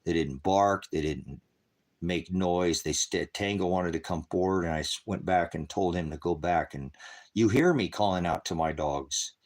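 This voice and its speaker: A middle-aged man preaching on his own ministry stream, angry and cursing, swinging from shouted rants to quiet murmurs. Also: low voice, normal speed. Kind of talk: impassioned livestream preaching.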